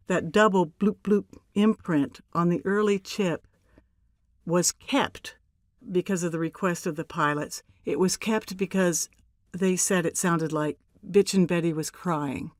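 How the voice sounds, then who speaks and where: An older woman, a voice actor, telling stories in an interview in a measured, deliberate way with emphatic pauses. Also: lowish voice, dry recording, clean studio sound. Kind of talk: relaxed interview storytelling.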